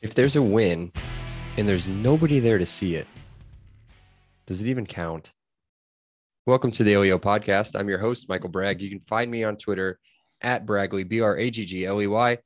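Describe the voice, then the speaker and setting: Low-voiced man hosting a sports podcast. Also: moderate pace, long pauses, dry recording, soft background music. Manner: chatty, rattles off scores and stats. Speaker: podcast host. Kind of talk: casual sports podcast chat.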